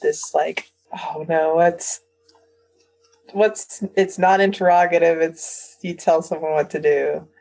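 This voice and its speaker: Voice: medium pitch, little pitch movement, takes it slowly, gravelly, a little mellow, poor audio. Hesitant, chatty poetry discussion voice. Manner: hesitant, many restarts and likes. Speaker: discussion participant.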